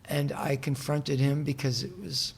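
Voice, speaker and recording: A man talking as a guest in a casual interview in a hotel room, telling a long story in a soft-spoken, meandering way with frequent restarts. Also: mid-range voice, flat delivery, a little slow, creaky, husky. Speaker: musician guest.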